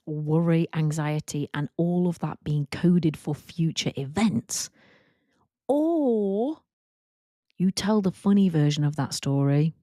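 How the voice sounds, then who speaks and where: A woman hosting a casual solo podcast, telling embarrassing work stories and acting out quotes in a higher voice, laughing at herself. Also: no room sound, studio quality. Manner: animated, acts out quotes in a higher voice. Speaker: podcast host and work confidence coach.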